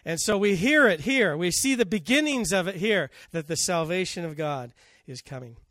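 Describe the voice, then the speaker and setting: A man's voice: sits high, animated, moderate pace, a bit bright, no echo, clean studio sound. A man preaching a sermon, telling scripture stories and acting out the quotes. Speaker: pastor.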